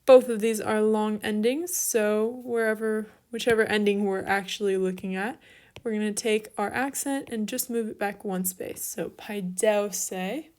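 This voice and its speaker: Slow, methodical young woman teaching. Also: mid-range voice, fairly even intonation, darkish tone. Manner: slow, methodical, talks herself through steps. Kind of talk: online lesson.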